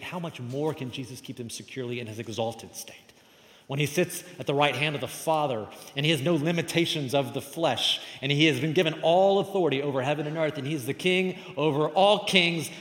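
A man preaching a sermon as pastor, emphatic, pushing his voice up for stress and dropping it low. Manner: emphatic, rises and falls in loudness for stress. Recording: echoey hall with long reverb.

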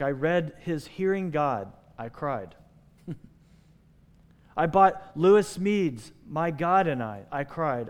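Male pastor, sermon storyteller; clear, resonant tone with a long hall reverb. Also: on the high side. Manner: animated storytelling, acting out quoted voices.

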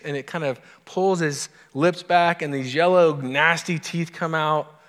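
A pastor giving a sermon in a casual, storytelling way, breaking off for asides to the congregation. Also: male voice, on the high side, a little slow, a bit bright. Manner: conversational, self-interrupting storyteller with asides to the congregation. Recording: long hall reverb.

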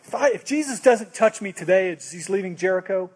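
A man's voice: high voice, animated, brisk, slightly rough. A man voicing a blind beggar who cries out for mercy in a sermon retelling. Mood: earnest. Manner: crying out loudly, then resigned or earnest.

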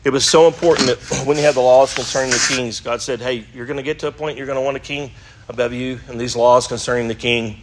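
A man teaching an adult Bible class at a moderate, middle pitch. He reads scripture passages aloud and keeps turning to the class with questions. He sounds middle-aged. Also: steady tone, fast talker, noisy background. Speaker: Sunday school teacher.

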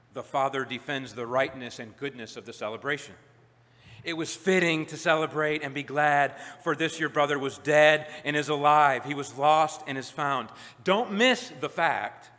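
Male pastor, sermon, emphatic swells and drops, bright tone, long hall echo. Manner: emphatic, building to loud peaks then dropping low.

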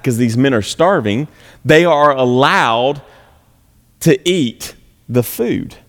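A man preaching a conversational sermon as pastor, animated and a little sarcastic, asking the congregation questions. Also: mid-range voice. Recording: long hall reverb.

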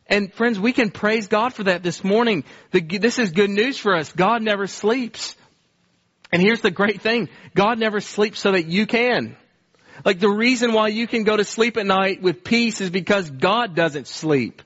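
A man's voice: sits high, measured pace, a bit bright. A male pastor preaching a sermon to his church in an earnest, conversational way. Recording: dull, lo-fi sermon recording.

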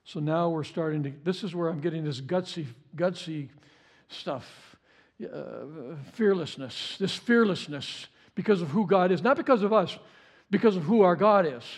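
Impassioned high-voiced male pastor. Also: moderate pace. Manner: impassioned, repeats words, stammers on restarts. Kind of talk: sermon.

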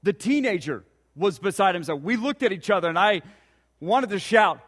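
A man with a notably high voice delivers a sermon, telling stories and pressing earnest rhetorical questions on his listeners. His voice rings out with a long reverb, as in a big hall. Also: lively intonation, normal speed, fairly bright tone. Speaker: pastor.

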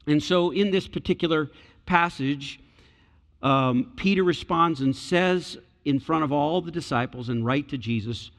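A man preaching a sermon as pastor, talking conversationally and then rising into loud, emphatic declarations. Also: fairly high pitch, unhurried. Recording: long hall reverb.

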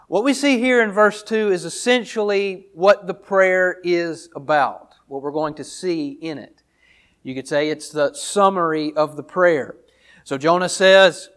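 A man with a notably high-pitched voice delivers a sermon. He reads a passage aloud, then walks his listeners through it verse by verse in an earnest, teacherly way, often circling back over his phrases. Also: a little slow, fairly bright tone. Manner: earnest teaching tone, repeats phrases while explaining. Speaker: pastor. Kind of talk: sermon, Bible reading and exposition.

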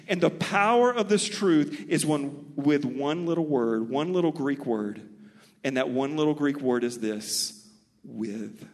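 A man from Mobile, Alabama with a Southern accent, preaching a sermon as pastor with animated, folksy storytelling. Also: mid-range voice, a little slow, long reverb tail.

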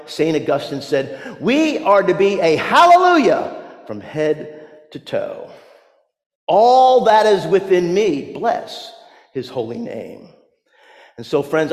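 A man preaching a sermon in a church, animated and humorous, acting out quoted lines with dramatic flair. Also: high voice. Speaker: pastor. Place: church sanctuary. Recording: echoey church sanctuary with long reverb.

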